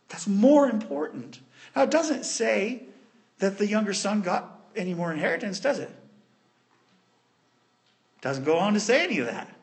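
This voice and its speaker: A male preacher with a high, lively voice that leaps up and down as he retells a story. He talks straight to his congregation in an animated sermon.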